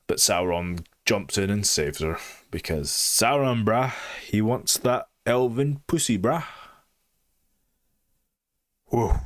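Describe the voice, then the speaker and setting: Guy ranting sarcastically about a show, kinda low voice, dry close sound. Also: slow, pauses often, no echo. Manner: blunt, sarcastic, swears freely. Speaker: TV show reviewer. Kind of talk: casual opinionated review.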